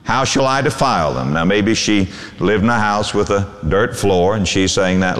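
A pastor preaches a sermon, reading scripture aloud in old English and swinging his voice up and down for emphasis. His voice is lowish, animated, and fairly bright, moving at a moderate pace with hardly any pauses, and the recording carries a long hall reverb.

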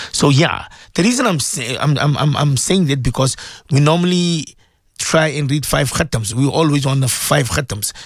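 A radio presenter and Islamic teacher speaks in a husky, mid-range voice, recorded at studio quality with no echo. On religious radio, he preaches and pleads with his listeners, repeating himself as he goes.

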